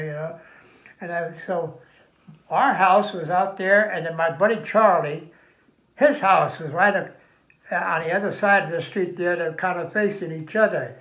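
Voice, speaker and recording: An older man, a veteran rambling through family memories with plenty of swearing. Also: high voice. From New Jersey. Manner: rambling, profane, folksy. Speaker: veteran telling family stories. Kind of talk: casual reminiscing. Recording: roomy, dull lo-fi recording.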